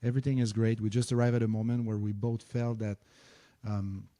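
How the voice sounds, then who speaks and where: A man guesting on a podcast, telling personal stories in an animated, candid way, repeating words and swearing casually. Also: fairly low pitch, fairly quick. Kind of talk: candid conversational storytelling.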